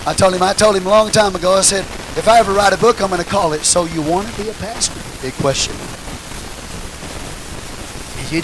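A man preaching a sermon, swinging between shouted call-and-response lines and low, quiet asides to the congregation. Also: fairly quick, long pauses, noisy background. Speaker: pastor.

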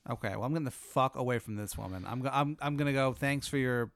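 A male comedian playing along with an absurd hypothetical, exasperated and quick with comebacks. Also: medium pitch, a bit bright, no room sound, studio quality. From United States. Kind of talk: casual improvised comedy banter.

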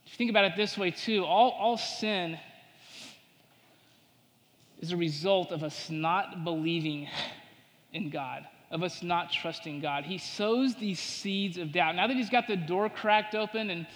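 A man preaching a sermon to his congregation. He builds to emphatic points and drops to hushed tones when voicing temptations. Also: sits high, a little slow, big-room sound. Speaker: pastor.

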